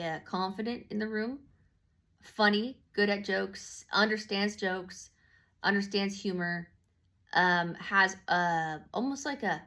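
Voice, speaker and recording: Gravelly woman rambling through a tarot reading. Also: medium pitch, a bit bright. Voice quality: gravelly, slangy and profane. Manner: rambling with many fillers and restarts. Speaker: tarot reader.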